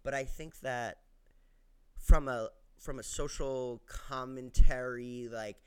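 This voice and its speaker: A speaker in casual chat, joking and lively. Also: mid-range voice, slow pace, clean tone. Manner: animated, joking.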